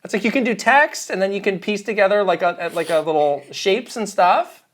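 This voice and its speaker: A man's voice: high-pitched, fairly quick. A man co-hosting a podcast, talking in a dry, laid-back way with frequent chuckles. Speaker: podcast co-host. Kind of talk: casual chat.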